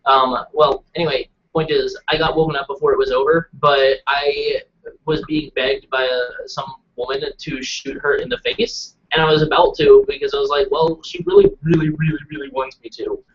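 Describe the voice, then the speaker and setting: Animated rambling man on a lo-fi webcast. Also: medium pitch, moderate pace. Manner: animated, rambling, self-deprecating. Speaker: show regular. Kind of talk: casual live chat. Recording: dull lo-fi webcast audio.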